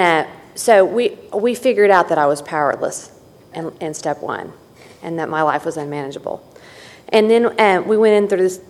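Candid woman speaking in an echoey hall. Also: lowish voice. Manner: candid and earnest, with repeated phrases and restarts. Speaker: recovery meeting speaker. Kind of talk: personal testimony to a group.

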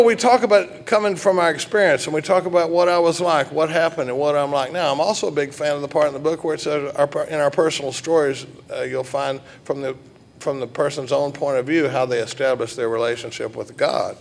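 Middle-aged man, recovery meeting speaker, folksy and joking, gravelly voice on the higher side. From Dallas, Texas. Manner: folksy, joking, halting with fillers and restarts. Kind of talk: personal talk to a recovery group.

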